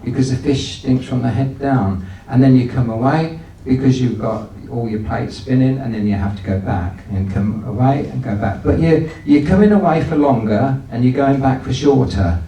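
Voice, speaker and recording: Delivering a folksy, story-driven business talk, a male guest speaker restarts often as he addresses the audience in an event hall. He speaks at a moderate pace with few pauses in a dark, medium-pitched voice, heard from afar in an echoey room.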